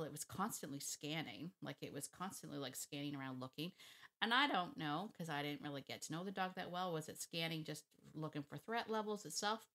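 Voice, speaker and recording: A middle-aged woman dog trainer speaks in a slightly low voice. She talks casually and emphatically, wandering off on side points before coming back around. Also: a bit bright. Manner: chatty, digressive, emphatic, with laughs. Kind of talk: casual talk to camera.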